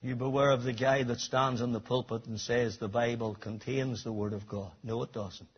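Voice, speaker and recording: A man preaching a sermon, dropping to low quiet stretches and then rising to loud shouted emphasis. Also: fairly even intonation, normal speed, hardly any pauses, husky, lo-fi sound.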